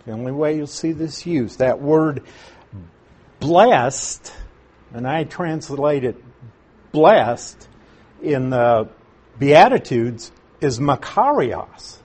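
A man teaching through a Bible passage verse by verse, slowing down to stress key words and asking his listeners questions. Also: mid-range voice, lively intonation, darkish tone, breathy edge. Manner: asks the audience questions.

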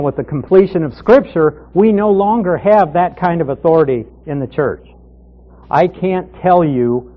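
A man teaching a Bible class as a pastor, reading scripture aloud and stressing key words with emphatic repetition. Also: fairly high pitch. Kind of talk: Bible study lecture. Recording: muffled lo-fi recording.

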